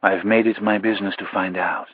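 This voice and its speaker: A man voicing a cold, secretive male assassin who speaks tersely and quietly. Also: on the low side, steady tone, fairly quick, husky, no room sound, phone-quality sound.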